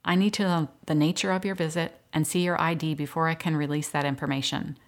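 A woman's voice: low-pitched, steady tone, fast. A woman voicing a cautious hospital volunteer. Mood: careful.

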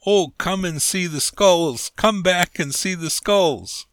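Guy putting on a whiny old graveyard keeper, higher pitched, begging nonstop, storybook voice. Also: animated, unhurried, sharp tone, no echo, studio quality. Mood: calling out. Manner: wheedling, insistent. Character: pleading old male churchyard keeper.

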